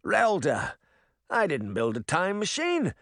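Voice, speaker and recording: A man's voice: sits high, wildly swooping pitch, takes it slowly, fairly bright tone, no echo, studio quality, pitched above the performer's own voice, heavily acted. A man voicing an elderly man turning young, speaking tenderly and with determination in a raised voice. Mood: earnest.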